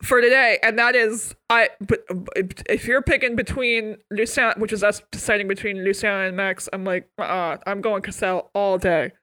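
A woman co-hosting a podcast in casual chat, playful and teasing, jumping between loud outbursts and hushed asides. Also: mid-range voice, fairly even intonation, normal speed, few pauses, no echo. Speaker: podcast co-host.

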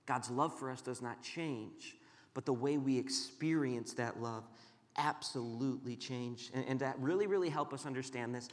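A man in his thirties preaching a sermon as pastor, telling stories and shifting between loud urging and hushed, quiet passages. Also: mid-range voice, moderate pace, long reverb tail. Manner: storytelling, swings from loud urging to hushed tones. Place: large church hall.

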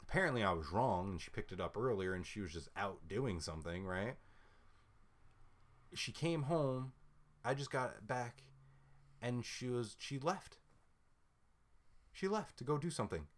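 A young man telling a story in a casual chat, swearing freely and ranting with animated frustration. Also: mid-range voice, measured pace, pauses often.

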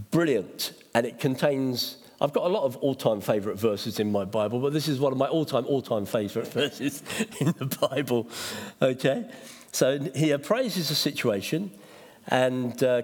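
A middle-aged man, a pastor, preaching a sermon in an animated way, acting out quotes and laughing at himself. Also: medium pitch. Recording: long hall reverb.

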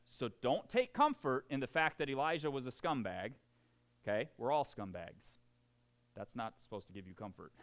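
Animated pastor preaching. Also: male voice, medium pitch. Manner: animated, acts out quoted voices, laughs at himself. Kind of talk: sermon.

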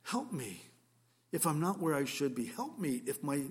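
A man's voice: fairly high pitch, very animated, moderate pace. A male pastor giving a conversational sermon, telling a story earnestly with frequent restarts.

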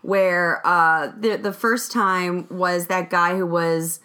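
A woman's voice: fairly low pitch, fairly even intonation, takes it slowly, bright, forceful tone. A woman hosting a podcast, chatting casually and jokingly about a documentary she watched. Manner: chatty, joking, does mock voices. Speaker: podcast host. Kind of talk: casual chat reviewing a documentary.

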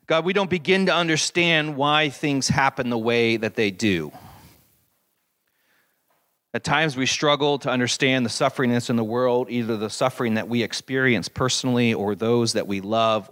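Male pastor, mid-pitched, earnest sermon delivery with emphatic scripture reading. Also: moderate pace, a bit bright.

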